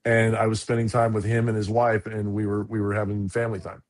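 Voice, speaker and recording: A middle-aged man co-hosting a podcast, telling a story in animated casual chat. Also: a crowd in the background. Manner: animated storyteller, quick pitch jumps. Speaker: podcast co-host.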